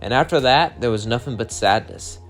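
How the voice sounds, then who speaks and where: A man's voice: medium pitch, normal speed, a bit bright. A man tells a fan-made what-if story in a rambling, loose way, often restarting his sentences. His voice sits in the middle range, and faint music plays underneath. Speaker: narrator.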